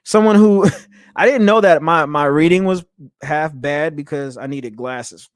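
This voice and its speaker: A man's voice: a little high, a little slow, no echo, clean studio sound. A young man hosting a motivational podcast, talking earnestly and laughing often, with frequent restarts. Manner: earnest, animated, laughs often, repeats words. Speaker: podcast host. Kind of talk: motivational solo podcast talk.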